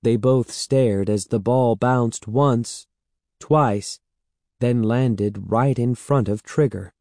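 Slow, mellow male storyteller. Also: medium pitch, dry recording, clean studio sound. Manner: steady, measured storytelling. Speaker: narrator. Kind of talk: audiobook reading.

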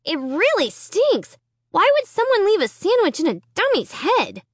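A woman voicing a frightened young girl who is the story's first-person heroine, in a shrill, squealing voice. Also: very animated, unhurried, fairly bright tone, dry recording, clean studio sound, heavily acted. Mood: disgusted.

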